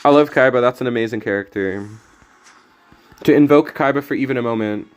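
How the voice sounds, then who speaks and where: A man's voice: medium pitch, a little fast, clear, resonant tone. A young man streaming a card game, talking in a laid-back, jokey way and often mumbling his asides. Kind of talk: casual gameplay commentary. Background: faint music.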